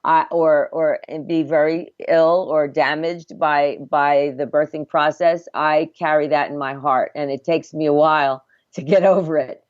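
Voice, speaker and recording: A woman's voice: deep voice, fairly even intonation, unhurried, few pauses, no echo. A middle-aged woman, a midwife and former obstetric nurse, telling her story earnestly and reflectively in a conversational interview. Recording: dull, dry lo-fi audio.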